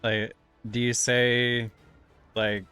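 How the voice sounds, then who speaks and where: Slow-talking, teasing male streamer. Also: medium pitch, little pitch movement, bright, forceful tone, clean tone, no echo, faint music behind. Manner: playful, teasing questions about pronunciation. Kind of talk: casual chat with live chat.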